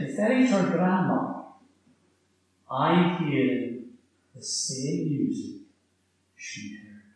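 A man's voice: mid-range voice, darkish tone, distant mic. Man preaching in an echoey church. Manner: measured, emphatic repetition. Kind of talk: sermon.

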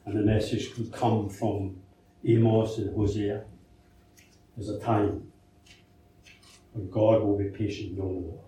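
A man's voice: on the low side, little pitch movement, slow, long pauses, warm tone, slight background noise. Man preaching in an echoey church. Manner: conversational preaching with rhetorical questions and anecdotes. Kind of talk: sermon. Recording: very echoey church hall from a distance.

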